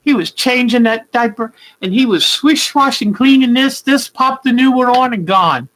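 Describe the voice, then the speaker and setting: An older woman hosts a relaxed live chat with her quilting viewers, rambling warmly and calling people by name. Her voice is bright and clear, sitting on the higher side. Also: moderate pace, low-quality recording. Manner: chatty and warm-hearted, greets viewers by name, rambling asides. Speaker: quilting vlog host.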